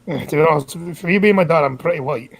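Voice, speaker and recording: A man's voice: a little high, fast, poor audio. A Scottish man in his twenties, a streamer bantering casually with friends, offhand and dry.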